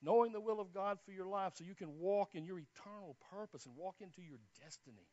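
Man preaching a testimony sermon, high voice. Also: quick pace, few pauses, no echo. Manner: storytelling, swings from hushed to loud exclamations. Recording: dull, dry lo-fi recording.

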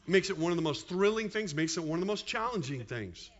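Pastor, male, 50s, high voice, chatty sermon delivery, slightly dull recording. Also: quick pace. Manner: animated, conversational preaching with asides.

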